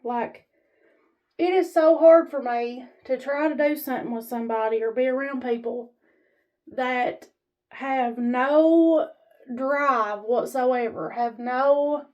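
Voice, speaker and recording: A woman's voice: high voice, slow pace, a little mellow, muffled recording. A woman vlogger giving a blunt, rambling, folksy motivational talk to her camera, standing as she films herself. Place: standing while filming herself.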